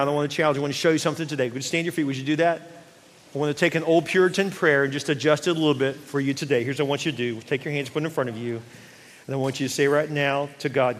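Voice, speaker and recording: A male pastor delivers a sermon in an earnest, repetitive preaching manner, guiding his congregation through lines of spoken prayer. Music plays clearly underneath his voice throughout. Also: mid-range voice, fairly even intonation, brisk, big-room sound. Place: church service streamed to several campuses.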